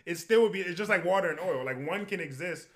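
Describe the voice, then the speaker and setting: A young man co-hosting a podcast, talking in a relaxed, rambling way. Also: high-pitched, fast talker. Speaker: podcast co-host. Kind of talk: casual chat.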